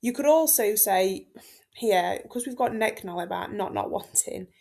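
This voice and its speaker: A woman's voice: mid-range voice, lively intonation, measured pace, gravelly, mellow. Chatty young woman teaching a lesson. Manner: chatty, many ums and likes, informal asides. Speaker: Latin teacher. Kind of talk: casual exam-focused lesson walkthrough.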